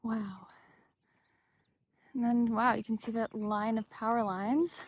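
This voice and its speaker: A woman's voice: on the high side, steady tone, slow pace. A woman vlogging on a desert mountain trail, chatty and exclaiming often at the views while she walks with a handheld camera. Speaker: thru-hiker vlogger. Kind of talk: casual trail vlog narration.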